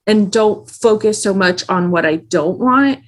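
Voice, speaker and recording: A woman's voice: medium pitch, a little slow. A woman hosting a casual podcast interview, telling stories in a chatty, meandering way. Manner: chatty storyteller, meandering, animated retelling. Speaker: podcast host.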